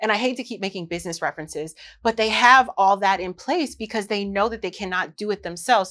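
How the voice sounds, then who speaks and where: A woman's voice: medium pitch, normal speed, few pauses, a bit bright. A woman, hosting a candid, confessional solo podcast and talking straight to her listeners. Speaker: podcast host.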